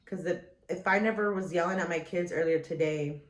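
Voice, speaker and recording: Rambling low-voiced woman in an echoey room. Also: steady tone, a little fast. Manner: rambling, with many restarts and fillers. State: sore chest after surgery, talking carefully. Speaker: vlogger. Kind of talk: casual recovery vlog.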